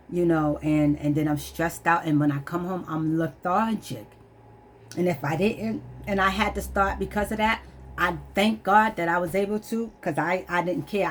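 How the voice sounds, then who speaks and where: Low-voiced woman sharing her struggles, near tears. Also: slight background noise. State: holding back tears. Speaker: vlogger. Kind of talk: candid personal testimony to camera.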